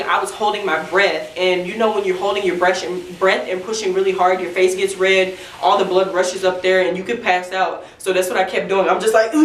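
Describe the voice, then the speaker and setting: A woman's voice: mid-range voice, slight background noise. A young woman telling a candid, chatty storytime to her viewers. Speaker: vlogger. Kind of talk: storytime vlog. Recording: roomy echo, mic at a distance.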